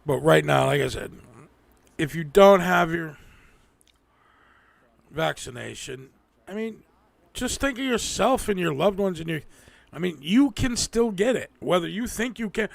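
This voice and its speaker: Gravelly, profane livestream host man. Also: high voice, lively intonation, measured pace, pauses often, dry recording. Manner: rambling and profane, with frequent restarts. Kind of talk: casual livestream chat.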